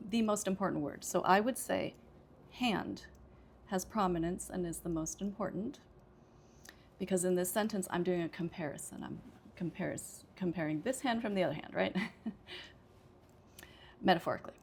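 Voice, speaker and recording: A woman's voice: on the low side, vocal fry, slight background noise. An American woman teaching English pronunciation, explaining sentence stress step by step and repeating example sentences with careful emphasis.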